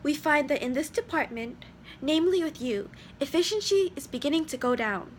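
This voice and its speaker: Woman doing a cold, formal computer-like talker, high voice. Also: lively intonation, moderate pace, slight background noise. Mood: stiff. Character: stiff formal computer-like speaker.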